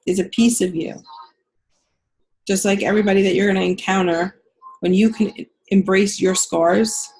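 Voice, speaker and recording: A woman's voice: fairly low pitch, gravelly, a little mellow, rough recording. A woman leading a spiritual healing group. She reads out members' comments, affirms them with repeated phrases, then guides a meditation.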